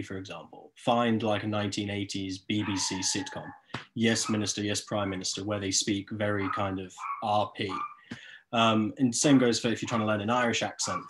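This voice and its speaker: A man's voice: on the low side, noisy background. A man co-hosting a podcast, giving earnest, practical advice in a casual chat. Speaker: podcast co-host.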